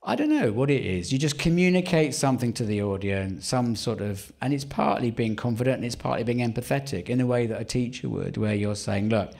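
A man's voice: mid-range voice, lively intonation, brisk, gravelly, hardly any pauses, darkish tone. A man in his fifties with a home counties English accent, a stand-up comedian telling wry, rambling anecdotes in a live interview, often restarting his sentences. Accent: English, Surrey home counties. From England. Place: theatre stage before a live audience.

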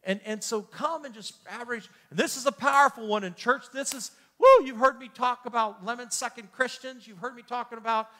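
A man pastor teaching a Bible study in an animated, joking way, with frequent exclamations and repeated words. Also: very high voice, a little fast, hardly any pauses. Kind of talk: lively sermon-style teaching. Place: church hall.

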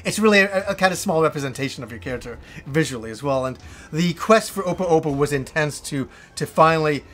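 A man reviewing a video game as the host, telling old memories in an excitable, profane, animated way. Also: on the high side, fast, slight background noise. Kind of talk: casual storytelling review.

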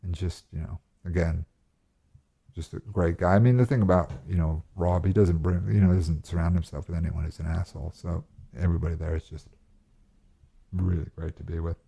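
A man with a very low, gravelly voice and a dark, mellow tone. He talks in a loose, rambling way, full of fillers, as a guest in a casual chat recorded in a flat. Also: a little fast. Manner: relaxed, rambling, many fillers. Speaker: actor guest. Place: host's flat.

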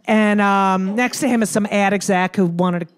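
A woman performing a stand-up comedy set, telling a story in a brash, profane, animated way. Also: medium pitch, normal speed, smooth. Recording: live club set with faint audience.

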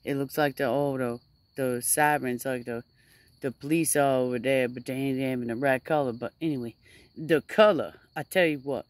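A woman's voice: rumbling low, fairly even intonation, moderate pace, no echo. A woman rambling casually to her camera outdoors by a fire, stretching out her words for emphasis. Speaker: vlogger.

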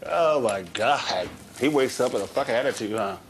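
A man's voice: mid-range voice, expressive, normal speed, roomy sound, noisy background. A man arguing heatedly in a shared house, taunting and cursing, repeating his challenges. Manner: taunting, profane, repeats himself. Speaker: reality show housemate. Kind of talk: heated argument. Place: large room in a house.

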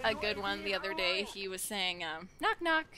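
A young woman recording casual gameplay commentary at home, soft-spoken and hesitant, filling pauses with ums and little giggles. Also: medium pitch, level tone, low-quality recording. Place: at home with her children nearby.

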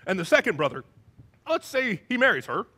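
A man's voice: high voice, big pitch swings, a little fast, sharp tone, slightly rough, heavily acted. A preacher voicing a smug male sect member who poses a trick question in a mock-pompous way. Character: smug scheming male sect member, teenage-gang manner.

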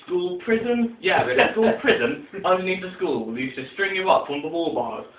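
A man performing comic poems with animated storytelling and sound effects, recorded tinny and distant in an echoey room. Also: sits high, fairly quick. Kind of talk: comic poem recitation.

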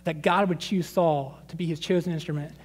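A man in his thirties preaching a sermon, conversational and animated, acting out scripture quotes and his children's voices. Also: fairly high pitch, brisk, breathy edge. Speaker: pastor. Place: church sanctuary. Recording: long reverb of a church sanctuary.

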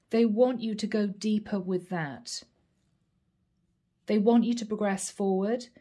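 A woman giving a channeled tarot reading, earnest and emotional, with frequent soft exclamations. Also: medium pitch. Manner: earnest, repetitive spiritual phrasing. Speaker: tarot reader.

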